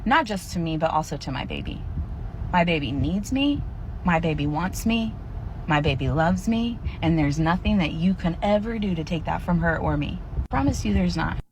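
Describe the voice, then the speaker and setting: A woman with a notably low, deep voice pours out a bitter, profanity-laced monologue straight to the camera. Clear background noise and passing vehicles run under her words. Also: animated, moderate pace, low-quality recording. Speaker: person venting in a video clip.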